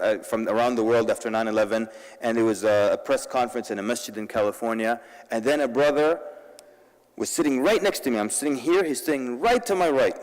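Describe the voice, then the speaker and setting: A man giving a humorous public talk at a convention, telling stories in an animated way and mixing in Arabic words. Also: medium pitch, in a large hall, poor audio. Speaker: convention speaker. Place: large convention hall.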